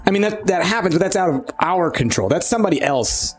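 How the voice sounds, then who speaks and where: A man running a tabletop game and talking in character, halting and full of fillers. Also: high-pitched, lively intonation, soft background music. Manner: hesitant, filler-heavy, halting speech. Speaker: game master. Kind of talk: tabletop role-play.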